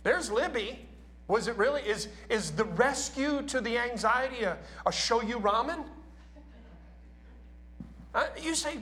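A man's voice: very high-pitched, lively intonation, a little slow, long pauses, sharp tone. A man preaching a sermon in a church, talking casually and asking his congregation questions.

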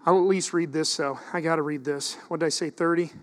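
High-voiced pastor preaching with fervor. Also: male voice, fairly quick, big-room sound. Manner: animated preaching, reads scripture aloud, swings from loud to quiet. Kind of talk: sermon.

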